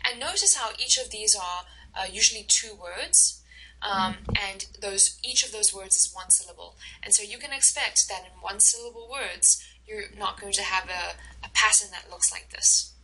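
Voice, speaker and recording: Bright-voiced woman lecturing over slides. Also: medium pitch, a little hiss or hum, poor audio. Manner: explaining slowly, many fillers and repeated words. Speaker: instructor.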